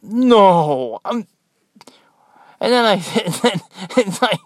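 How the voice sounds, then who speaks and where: A man's voice: sits high, slow pace, a bit bright, no room sound, clean studio sound. An American man who works as a nurse, talking in a rambling, exasperated, joking monologue. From United States. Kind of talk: casual monologue.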